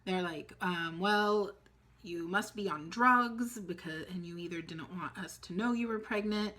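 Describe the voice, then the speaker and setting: Chatty woman with a lowish voice. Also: a little slow. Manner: animated retelling, acting out dialogue. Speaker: vlogger telling a personal story. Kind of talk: casual storytime.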